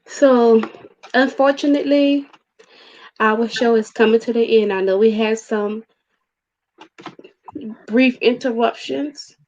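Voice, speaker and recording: A woman hosting a casual podcast, relaxed and friendly as she wraps up the show. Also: on the high side, slow, long pauses, a little hiss or hum. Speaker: podcast host. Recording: dull lo-fi audio.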